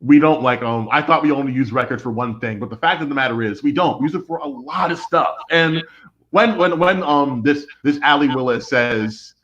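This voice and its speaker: A man's voice: mid-range voice, moderate pace, a bit bright. A young man from the United States, co-hosting a podcast in casual chat and rambling with lots of "like". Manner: rambling, heavy on fillers like "like". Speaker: podcast co-host. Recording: dull lo-fi recording.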